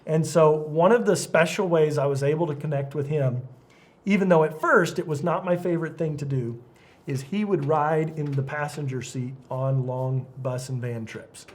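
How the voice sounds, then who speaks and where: A middle-aged man, a youth pastor, telling stories in a casual podcast chat, lively and laughing often. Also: on the high side, normal speed. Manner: animated storyteller, laughs often.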